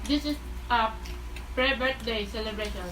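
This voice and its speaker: A middle-aged woman with a Filipino accent hosting a casual home eating video, excitable and switching between English and Tagalog. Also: a little high, normal speed. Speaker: channel host, the mother. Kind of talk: casual mukbang chat. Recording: echoey room, distant mic, loud background noise.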